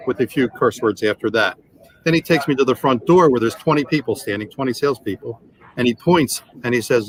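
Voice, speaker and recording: A man in his sixties, a sales trainer, telling animated anecdotes and acting out the dialogue in a podcast interview. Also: mid-range voice, brisk, poor audio. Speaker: guest, automotive sales trainer.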